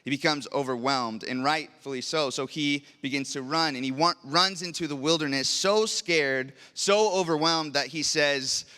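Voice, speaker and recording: A man's voice: fairly high pitch, normal speed, few pauses, pushed and bright. A young adult man preaching a sermon in a church, in a casual, conversational storytelling way. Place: church sanctuary. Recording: long church reverb.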